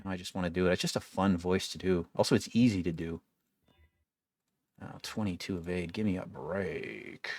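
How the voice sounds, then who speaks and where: A man's voice: low voice, normal speed, darkish tone, dry recording. A young man giving casual gameplay commentary, wry and complaining, swearing freely as he plays. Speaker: gaming video creator.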